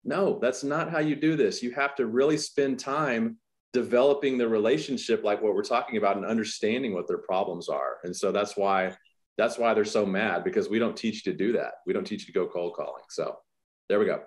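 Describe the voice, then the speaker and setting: A man giving a business presentation as a sales trainer, energetic, with many fillers and repeated words. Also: lowish voice, fairly quick.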